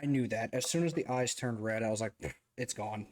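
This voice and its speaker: A man hosting a casual stream, talking in an animated, rambling way with swearing. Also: mid-range voice, quick pace. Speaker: streamer host. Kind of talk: casual chat.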